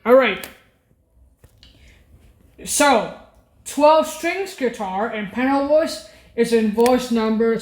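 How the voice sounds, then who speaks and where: A woman explaining keyboard voice settings in a casual way, halting and often correcting herself and apologizing. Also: on the high side. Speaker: keyboard instructor.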